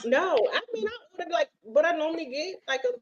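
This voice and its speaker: A middle-aged woman hosting a casual chat, telling a story in an animated, profane way and acting out the dialogue. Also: extremely high pitch, fast talker. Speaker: host. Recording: dull lo-fi stream audio.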